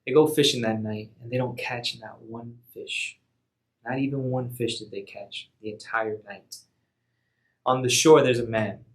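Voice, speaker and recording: A man's voice: medium pitch, measured pace. Laid-back man retelling a Bible story. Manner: relaxed, slangy storytelling. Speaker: youth ministry storyteller.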